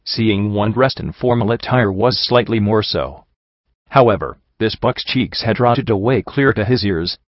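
A man with a lowish voice narrates a story in the first person, steady and measured. The recording is dry and a little dull, with no room sound. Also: no echo. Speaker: audiobook narrator.

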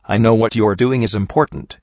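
A man's voice: on the low side, fairly even intonation, fairly quick, dry recording, muffled recording, natural voice. A man voicing an anxious, conflicted young female pegasus in a story reading, speaking hesitantly. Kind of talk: audiobook reading.

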